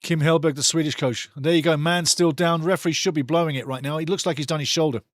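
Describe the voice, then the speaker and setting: A middle-aged man calls a football match live in an energetic, chatty way, switching between quick play-by-play and rambling stories. His voice sits a little high for a man. It is recorded close and dry, with no room sound. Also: no room sound. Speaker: watch-along football commentator. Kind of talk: live watch-along match commentary.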